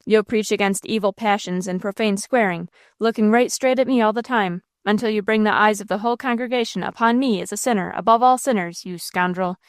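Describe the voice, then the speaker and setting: A woman's voice: medium pitch, clear, resonant tone, no room sound, studio quality, lightly acted. A woman voicing a hot-tempered old man in an audiobook, scolding and blustering.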